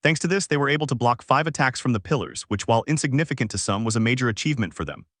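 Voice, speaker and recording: A man narrating fan fiction in scripted narration with a flat, even reading voice on a close, dry mic. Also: mid-range voice, rapid-fire, no echo. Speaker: fanfic narrator.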